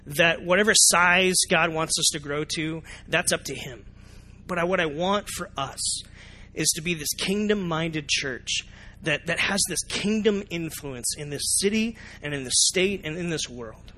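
A man preaching a sermon as pastor, animated and often asking the congregation questions. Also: on the high side, unhurried, slight background noise. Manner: animated, asks the congregation questions, acts out reactions. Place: church sanctuary.

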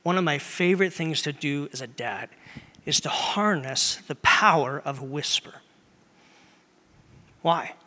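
A man preaching a sermon as pastor, earnest and conversational, dropping to a hush at times and rising loud at others. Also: fairly high pitch, unhurried, long pauses. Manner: conversational and earnest, shifting between loud and hushed. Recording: long hall reverb.

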